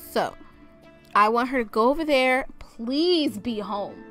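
Brief: woman gaming YouTuber, high voice, giggly, slow chatty commentary. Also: expressive. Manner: chatty, giggly, exclaims often. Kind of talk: casual let's-play commentary. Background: faint game music.

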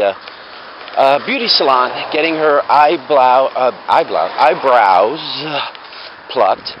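Rambling middle-aged man, muffled recording. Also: medium pitch. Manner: rambling, with many fillers. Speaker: vlogger. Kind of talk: casual storytelling. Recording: muffled with loud background noise.

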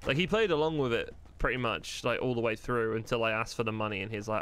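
A man's voice: lowish voice, quick pace, few pauses, a bit bright, smooth. A man streaming a roleplay game live from home, chatting to viewers in a loose, rambling way, swearing freely and thinking aloud as he plays.

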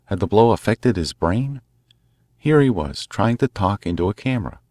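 A man narrating a classic story in a measured, dramatic way. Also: fairly low pitch, expressive, darkish tone, dry recording. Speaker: audiobook narrator. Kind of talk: scripted narration.

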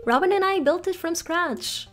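A woman's voice: very high voice, normal speed, faint music behind, voice pushed up. A woman voicing an older, chatty small-town mayor as she reads his game dialogue in a folksy, explanatory way. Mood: cheerful.

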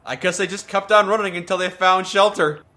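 A man's voice: high voice, a little fast, bright, forceful tone. A man co-hosting a gameplay video, teasing and joking in a wry, casual way. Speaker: co-host playing a game.

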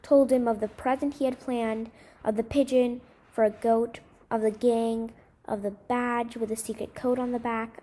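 A woman reading a short story aloud in an expressive, dramatic way. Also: fairly high pitch, slight background noise.

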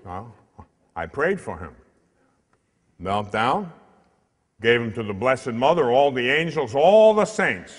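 Animated priest telling a story in a hall. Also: male voice, medium pitch, slow, pauses often. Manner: animated, comic storyteller who acts out the other people in the tale. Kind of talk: storytelling sermon. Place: church. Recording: long hall reverb.

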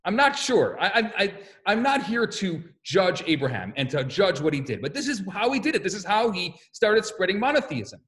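Rabbi lecturing, lively storyteller, high and very animated voice. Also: male voice, normal speed, few pauses. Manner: animated, acts out quotes and stories.

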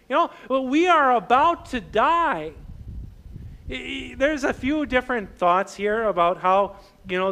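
Pastor, male, high voice, chatty sermon delivery full of "you know" and restarts. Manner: conversational, filler-heavy, frequent restarts; animated and loud when voicing the disciples, quiet and low when personal.

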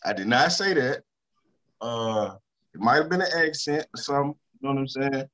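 A Louisiana rapper talking casually in an interview, repeating himself for emphasis and turning quieter when he talks about stress. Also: medium pitch, moderate pace. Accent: Southern US, Louisiana. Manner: emphatic and repetitive, drops to a subdued tone about stress.

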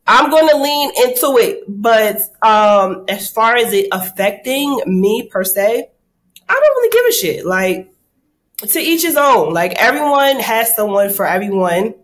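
A woman hosting a casual talk show, telling lively stories with acted-out quotes and casual swearing. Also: fairly high pitch, unhurried. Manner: candid, animated storytelling with acted-out quotes. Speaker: host. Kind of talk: casual chat.

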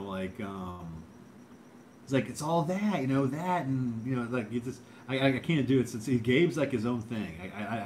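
A man's voice: mid-range voice, a little mellow, a little hiss or hum. A man in his thirties hosting a casual livestream, reading out chat and rambling with lots of fillers and repeated words.

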